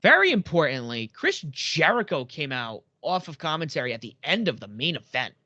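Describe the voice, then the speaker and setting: A man co-hosting a podcast, talking about wrestling in an excitable, rambling way. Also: a little high, normal speed, no room sound, muffled recording. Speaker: podcast co-host. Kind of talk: casual wrestling chat.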